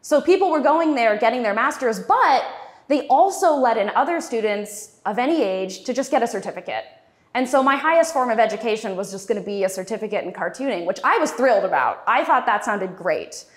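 A woman's voice: a little high, animated, fairly quick. Woman, 20s, speaker at a festival talk; casual, self-deprecating, lots of ums. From Texas. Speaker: cartoonist guest speaker. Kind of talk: festival talk, personal storytelling.

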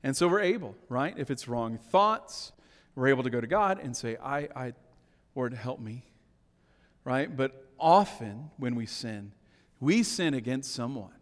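A middle-aged man preaching a sermon as a pastor, moving between hushed, intimate lines and emphatic, raised declarations, often checking in with the congregation. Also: medium pitch, expressive, moderate pace. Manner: swings between hushed asides and emphatic raised lines, keeps asking "right?". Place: church sanctuary. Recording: long church reverb.

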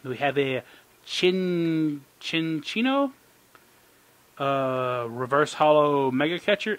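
A man hosting a casual card-pack opening commentary. He rambles excitedly, squeals with delight and mocks himself in quick asides. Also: fairly high pitch, no room sound. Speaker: channel host. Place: indoor room under an overhead light.

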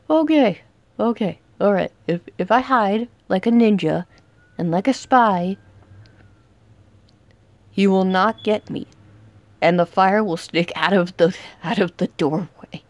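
A young woman narrates her horror game run at a slow, deliberate pace, then breaks into shouts and taunts at the villain. Her voice sits at an ordinary pitch, and the recording is dry and close with no room sound. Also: dry recording. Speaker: gaming youtuber. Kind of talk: excited let's-play commentary.

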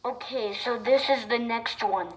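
A woman giving chatty, excitable reaction commentary to her viewers, with sudden loud bursts. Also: a little high, unhurried, noisy background. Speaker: video creator.

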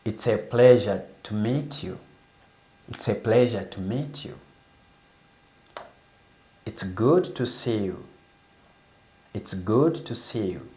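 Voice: mid-range voice, slow pace, long pauses, mellow, echoey room, rough recording. A teacher reading greeting phrases for beginners, saying each one twice. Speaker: language teacher.

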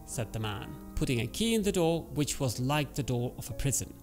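A man reading a first-person horror story aloud as an English teacher, pausing to explain words in simple terms. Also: medium pitch, big pitch swings, a little mellow, faint music behind.

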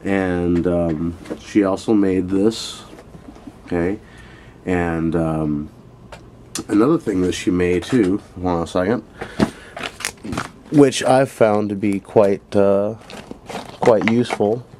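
Deep-voiced man rambling through a lesson. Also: steady tone, slow pace, long pauses, warm tone, slight background noise. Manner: rambling, filler-heavy and chatty; speaks directly to viewers. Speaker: online Thai language teacher. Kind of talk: casual video lesson.

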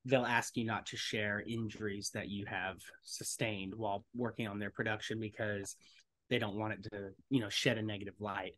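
A young man telling a story as a podcast guest, acting out other people's lines in loud, animated bursts. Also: lowish voice, normal speed. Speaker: voice actor and stuntman guest.

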